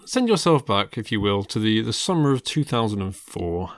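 A man's voice: on the low side, sing-song, normal speed, no room sound. A man in his thirties co-hosting a podcast, chatting casually with dry, teasing banter. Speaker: podcast co-host. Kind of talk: casual chat.

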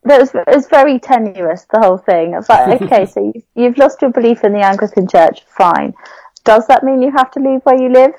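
A young Englishwoman talks casually about a novel, frank and critical in her opinions. Her voice is mellow and warm. The sound is close and dry. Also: on the high side, expressive, brisk, no room sound, lo-fi sound. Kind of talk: casual book discussion.

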